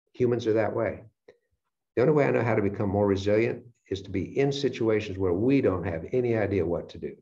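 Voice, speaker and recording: A man giving a motivational lecture, telling stories and acting out his own reactions with lively energy. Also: fairly low pitch, gravelly. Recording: dull lo-fi sound.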